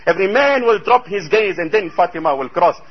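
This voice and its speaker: Male preacher, high voice, rapid delivery, emphatic storytelling sermon, dull lo-fi recording. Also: animated, slightly rough. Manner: emphatic, rhetorical exclamations.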